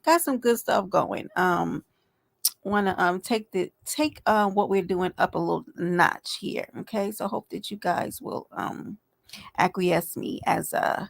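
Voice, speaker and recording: A woman's voice: medium pitch, a little slow, gravelly. A woman hosting a casual live stream, talking straight to her viewers in a chatty, affectionate way. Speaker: livestream host.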